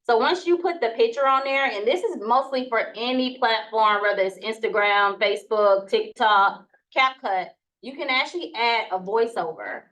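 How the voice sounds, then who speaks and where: A woman's voice: on the high side, normal speed, few pauses, fairly bright tone, poor audio. A woman with a Southern US accent giving a casual how-to talk to a group, with many fillers. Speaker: presenter.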